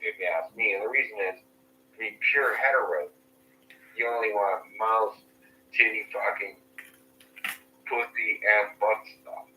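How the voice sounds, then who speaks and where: A man's voice: on the low side, measured pace, pauses often, pushed and bright. A man in a casual, profane chat, joking and rambling through crude theories. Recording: distant mic in an echoey room with faint noise.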